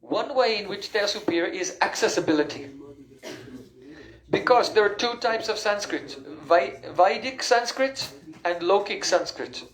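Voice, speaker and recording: A man's voice: sits high, expressive, normal speed, fairly bright tone, roomy sound, rough recording. A man giving a patient, explanatory spiritual lecture on scripture, sometimes stopping to recall a term.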